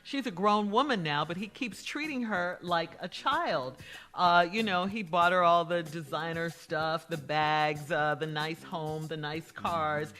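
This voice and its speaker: A woman's voice: fairly low pitch, a little slow, fairly bright tone. A woman co-hosting a morning radio show, recapping a listener letter and laughing as she turns to her co-hosts. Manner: laughs often, prompts co-hosts.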